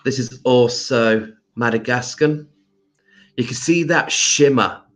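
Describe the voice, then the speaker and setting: A man hosting a casual crystal livestream, greeting viewers by name with endearments and pausing often with ums. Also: medium pitch, fairly bright tone. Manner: slow, hesitant with frequent ums. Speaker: crystal shop livestream host.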